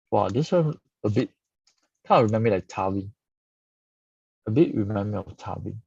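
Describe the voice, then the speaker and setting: A man's voice: on the low side, expressive, moderate pace, vocal fry, long pauses, dark tone, slightly rough, no echo. A man reviewing stock charts live, peppering his talk with "okay". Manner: frequent "okay" tags, casual explaining. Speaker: stock market analyst host. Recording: dull lo-fi dry sound.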